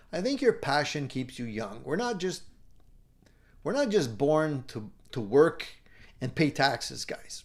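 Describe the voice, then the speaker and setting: Upbeat middle-aged man hosting a live stream. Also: on the high side. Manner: upbeat, encouraging, chuckles often. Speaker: live show host. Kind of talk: casual live-stream chat reading viewer comments.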